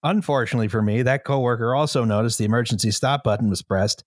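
A man reading a story aloud to a co-host in a measured, steady way, now and then breaking into laughter. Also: medium pitch, dry recording, studio quality. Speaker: story reader.

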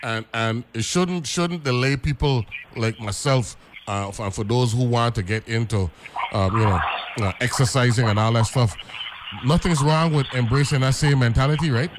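A man's voice: medium pitch, moderate pace, background noise. A man hosting a radio talk show, rambling with many repeated words and asking "right?" often. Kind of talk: casual radio chat.

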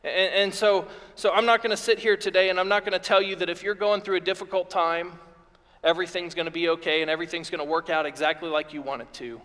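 High-voiced preacher in a reverberant hall. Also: male voice, fairly even intonation, fast, a bit bright. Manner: earnest, repetitive preaching cadence. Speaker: pastor. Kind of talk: sermon.

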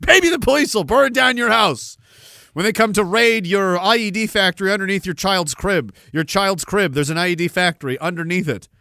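A man's voice: high-pitched, a little fast, vocal fry, sharp tone, dry recording, clean studio sound. A man hosting a podcast in a sardonic, profane, ranting style, often laughing at his own jokes. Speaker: podcast host. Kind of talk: casual ranting commentary.

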